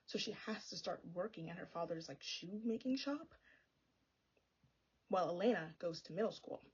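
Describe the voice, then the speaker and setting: A woman's voice: lowish voice, animated, normal speed, slightly rough, highs cut off. A young woman ranting about a book in a sassy, exasperated, casual vlog style. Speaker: book vlogger. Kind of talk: casual chatty book review.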